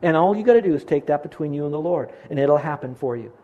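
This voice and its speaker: Mellow-voiced man preaching a sermon. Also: on the high side, lively intonation, fast, muffled recording. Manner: earnest, direct preaching with rhetorical questions. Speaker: pastor.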